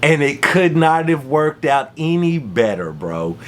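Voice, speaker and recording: Animated man recapping a fight. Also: a little high, unhurried, a little hiss or hum. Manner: animated storytelling with slang and repeated phrases. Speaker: MMA commentary host. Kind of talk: casual fight recap monologue.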